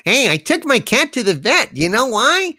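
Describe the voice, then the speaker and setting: A man doing a shrill cranky joke-telling sidekick. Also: big pitch swings, moderate pace, sharp tone, no room sound, studio quality, full character voice. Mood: jokey.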